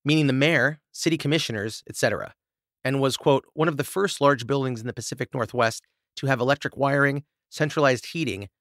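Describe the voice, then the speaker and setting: Podcast host, male, reads scripted notes, mid-pitched voice, dry close sound. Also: a little fast, fairly bright tone, no room sound. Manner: reads researched notes, then stumbles and laughs in asides. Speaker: podcast host reading the story. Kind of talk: scripted narration with casual asides.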